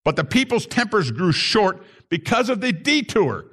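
A man's voice: sits high, very animated, moderate pace, a bit bright. A man preaching a sermon to his congregation, reading scripture and acting out the grumbling voices. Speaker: pastor.

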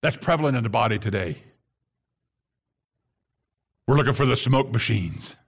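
A messianic pastor preaches animatedly, his medium-pitched voice slightly rough and touched with vocal fry. He works in Hebrew terms and sometimes rises to a shout.

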